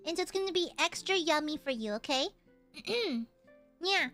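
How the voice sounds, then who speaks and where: A woman's voice: very high-pitched, expressive, moderate pace, sharp tone, faint music behind. A young woman streamer chatting casually and teasing her viewers in a playful, goofy way. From United States.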